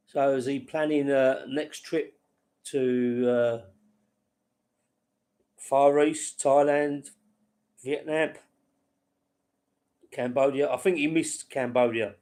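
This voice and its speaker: Gravelly man rambling on a livestream. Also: mid-range voice, dark tone. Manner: rambling, chats with viewers by name; laughs at his own stories. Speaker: livestream host. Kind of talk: casual late-night livestream chat.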